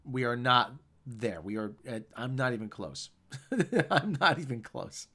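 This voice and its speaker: A man's voice: medium pitch, lively intonation, a little slow, pushed and bright. Rambling man hosting a live stream. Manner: rambling, reads and answers chat. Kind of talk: casual live stream chat.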